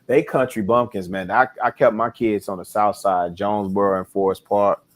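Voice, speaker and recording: Laid-back Chicago man, low voice. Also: steady tone, moderate pace. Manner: laid-back, rambling with fillers and restarts. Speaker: podcast co-host. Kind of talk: casual chat.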